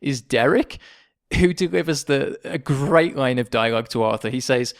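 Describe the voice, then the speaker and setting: A man's voice: medium pitch, normal speed, creaky. An English man co-hosting a podcast, chatting casually, laughing often and quoting lines in comic voices. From England. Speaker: podcast co-host. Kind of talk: casual chat.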